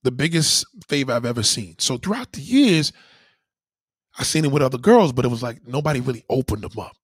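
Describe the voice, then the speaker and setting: A man casually telling a profane story to his followers, animated and slangy, often asking "you know what I mean". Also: mid-range voice, brisk, breathy edge, no echo, clean studio sound.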